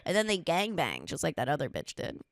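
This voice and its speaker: Animated, profane young woman podcast host. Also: low voice, fairly quick, no room sound. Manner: animated, profane storytelling, acting out quotes. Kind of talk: casual comedic chat.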